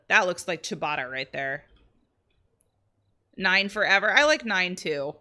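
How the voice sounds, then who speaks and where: A woman streaming a life-simulation game, chatting excitedly with her viewers as she plays. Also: on the low side, measured pace, pauses often. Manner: bubbly, excitable, chatty with chat. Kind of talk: live-streamed game commentary.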